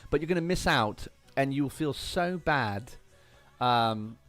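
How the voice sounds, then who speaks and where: A man's voice: mid-range voice, animated, takes it slowly, a bit bright, soft background music. A man putting on a sassy, vain persona who drawls and keeps calling people darling. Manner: drawling, teasing, says darling often.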